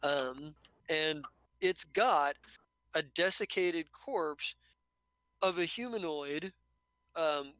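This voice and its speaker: A man narrating as game master of a tabletop game, halting and rambling with many fillers. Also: on the high side, a bit bright, no room sound, low-quality recording.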